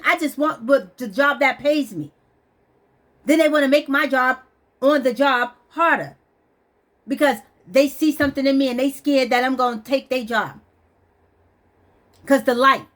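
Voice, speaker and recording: A vlogger whose voice sits high speaks at a moderate pace in an emotional personal vent, blunt, stressed, weepy, and cursing.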